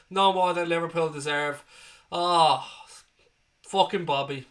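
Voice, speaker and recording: A man hosting a live football watchalong, calling the play and chatting with viewers, excitable and prone to swearing as he cheers. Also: a little high, unhurried. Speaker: watchalong host. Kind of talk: live match commentary and chat. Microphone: desk microphone.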